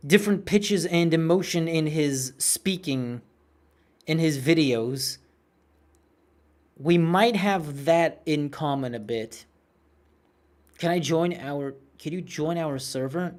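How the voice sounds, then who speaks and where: On stream, a man in his late twenties with a young-sounding voice chats about the game, answers viewer messages, and rants while swearing often. He speaks slowly, his voice on the high side.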